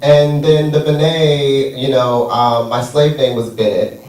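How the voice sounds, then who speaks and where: A man's voice: mid-range voice, fairly even intonation, unhurried, darkish tone, slight background noise. A man performing a stand-up comedy set on a theater stage, sassy and playful, drawing out his punchlines. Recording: echoey room, far from mic.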